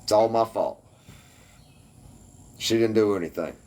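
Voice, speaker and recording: A man's voice: lowish voice, measured pace, darkish tone. A man ranting defensively and with heavy profanity at his livestream commenters.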